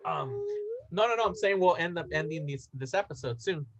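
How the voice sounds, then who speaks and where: Animated young man telling a story. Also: fairly high pitch, fairly quick, noisy background. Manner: animated, swearing, acts out quotes. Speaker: podcast host. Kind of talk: casual storytelling chat.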